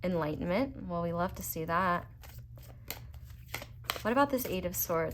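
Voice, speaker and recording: A woman's voice: fairly low pitch, normal speed, long pauses, background noise. A young woman, doing a casual, rambling tarot reading full of fillers and earnest asides. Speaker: tarot reader.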